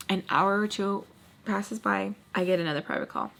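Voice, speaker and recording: A woman's voice: medium pitch, gravelly, a bit bright, slight background noise. Candid, dramatic woman telling a story. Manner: candid, dramatic, blunt and profane. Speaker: storytime vlogger. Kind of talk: casual storytelling.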